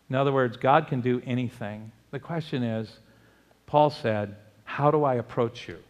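A man preaching a sermon, telling stories and acting out quotes in raised voices. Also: normal speed. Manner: storytelling, acts out quotes in high loud voices. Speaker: pastor. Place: church. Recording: long reverb of a large hall.

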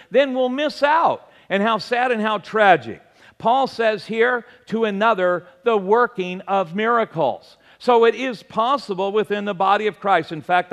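Pastor guy preaching, high-ish voice, chatty, long echo like a big church. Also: fairly bright tone. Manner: earnest, conversational preaching with reenacted dialogue. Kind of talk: sermon storytelling. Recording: long reverb, large hall.

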